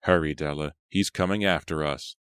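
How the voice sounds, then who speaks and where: A man's voice: a bass voice, fairly even intonation, moderate pace, a bit bright, smooth, dry recording, studio quality. A man voicing a brave teenage boy in an audiobook, urging someone on with breathless urgency. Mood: urgent.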